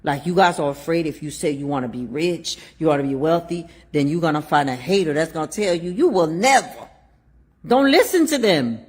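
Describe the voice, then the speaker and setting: A woman with a Haitian accent, telling a personal story in casual chat, laughing often and swinging from loud to hushed. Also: low voice, expressive, brisk, husky. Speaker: show host.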